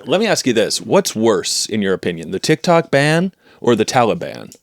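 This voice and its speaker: Male comedy co-host, lively swooping delivery, dry close sound. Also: lowish voice, normal speed, dry recording. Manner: animated, playful riffing. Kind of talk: casual comedy podcast chat.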